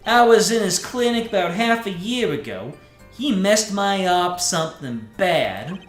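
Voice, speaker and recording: A man's voice: sits high, sing-song, measured pace, echoey room, faint music behind, pitched above the performer's own voice. A man doing a brash young street-tough. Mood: boastful. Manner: slangy tough-guy swagger.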